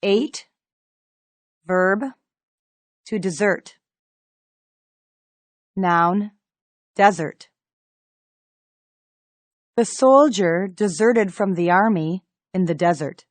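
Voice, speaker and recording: A woman reading pronunciation drills slowly, with careful, deliberate enunciation. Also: medium pitch, dry recording. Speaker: pronunciation teacher. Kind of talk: slow scripted drill reading.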